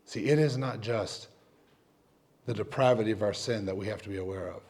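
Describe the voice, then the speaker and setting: A man preaching an emotional personal testimony as a pastor, dropping to near whispers and then rising loud and fervent. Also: fairly low pitch, fairly quick, slightly rough. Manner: emotional testimony, swings from hushed to loud, repeats himself. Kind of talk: sermon.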